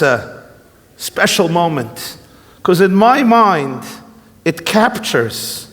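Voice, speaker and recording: Animated high-voiced rabbi in a reverberant hall. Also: male voice. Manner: animated, joking storyteller. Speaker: rabbi, keynote speaker. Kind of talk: humorous keynote speech. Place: large event hall. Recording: long reverb from a large hall.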